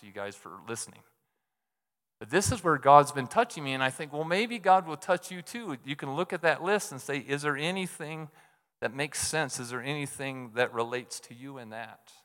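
A man's voice: medium pitch, fairly bright tone. A man preaching a sermon as a pastor, candid and self-deprecating, talking conversationally with lots of fillers. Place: church sanctuary. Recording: echoey hall reverb.

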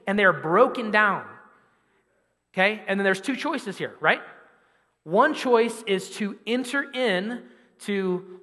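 A man in his thirties preaching a sermon in a conversational, animated way, acting out quotes. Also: high voice, takes it slowly, pauses often, in a large hall. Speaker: pastor.

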